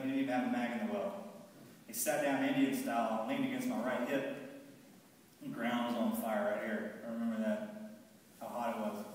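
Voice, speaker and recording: A man telling his own war story to a live audience in a halting, heavy way, often stopping and repeating words. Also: medium pitch. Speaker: speaker recounting his war experience to an audience. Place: large hall with an audience. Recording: echoey hall, mic far off, faint background hiss.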